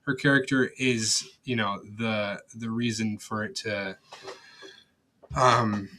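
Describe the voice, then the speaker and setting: A man's voice: fairly low pitch, steady tone, takes it slowly, sharp tone, a little hiss or hum. A young man giving a casual, rambling film review, blunt and profane, with lots of fillers and restarts. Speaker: movie reviewer.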